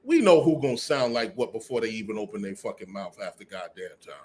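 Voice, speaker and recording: A man's voice: fairly low pitch, expressive, fast talker, darkish tone, slight background noise. A man in a casual podcast chat, talking emphatically with lots of swearing and "you know what I mean.".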